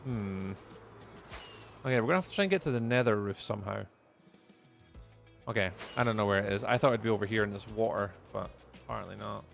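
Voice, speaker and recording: A man's voice: lowish voice, quick pace, gravelly, pauses often, fairly bright tone, soft background music. A man with a Scottish accent giving chatty live gameplay commentary as a streamer, answering viewers' chat messages aloud. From Scotland. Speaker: livestreamer.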